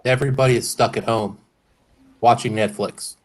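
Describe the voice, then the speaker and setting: A man's voice: mid-range voice, fairly even intonation, moderate pace. A man hosting a casual whiskey-tasting livestream, rambling and hedging with frequent self-corrections. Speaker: host of a whiskey review stream.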